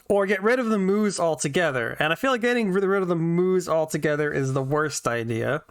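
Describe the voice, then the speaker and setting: A woman's voice: on the low side, no room sound, clean studio sound. A woman streaming a video game, chatting casually with her viewers in a giggly, self-conscious way from her home. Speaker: vtuber streamer. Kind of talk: casual let's-play commentary. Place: home room.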